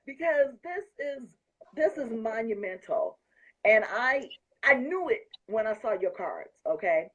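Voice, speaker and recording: Husky woman host gushing away, muffled lo-fi audio. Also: a little high, expressive, unhurried, a bit bright. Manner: effusive, laughing, gushing. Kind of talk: excited casual chat.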